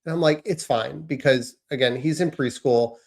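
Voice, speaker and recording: A man in his thirties with an American accent, co-hosting a casual podcast and telling animated stories about his kids. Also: mid-range voice, moderate pace, vocal fry. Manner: animated storytelling, acts out his kids' lines. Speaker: podcast co-host. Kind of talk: casual chat.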